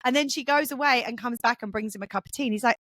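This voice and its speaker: A woman's voice: on the high side, racing, no echo. Chatty woman on a dry remote call. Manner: rambling, animated, acts out quoted voices. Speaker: podcast co-host. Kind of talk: casual conversational podcast.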